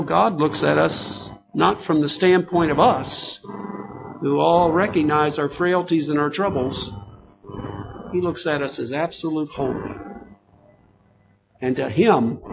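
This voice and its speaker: A man's voice: on the high side, vocal fry. A man preaching a sermon in an earnest, emphatic, conversational way, with many fillers. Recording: dull lo-fi sound with faint noise.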